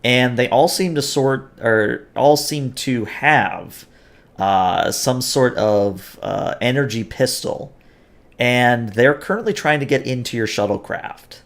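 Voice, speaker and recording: A man's voice: medium pitch, slow. A man narrating as game master, hesitant and full of filler sounds.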